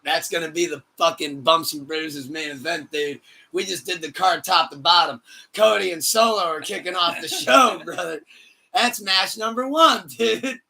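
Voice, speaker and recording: A man hosting a podcast in casual chat, excitable and swearing, laughing often. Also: on the high side, moderate pace, creaky, slightly rough. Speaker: podcast host.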